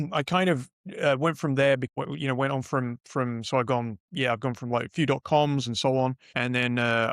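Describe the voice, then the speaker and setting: Man, middle-aged, British accent, podcast guest, rambling anecdotes, mid pitch, dry close sound. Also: a bit bright, dry recording. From United Kingdom. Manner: rambling, self-correcting anecdotes. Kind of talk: casual interview storytelling.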